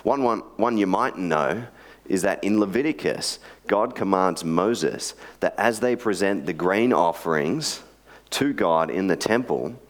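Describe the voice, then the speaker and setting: A man's voice: low voice, animated, measured pace. A man giving a sermon, telling a joke story in a chatty way with joking asides before praying and teaching. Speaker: preacher.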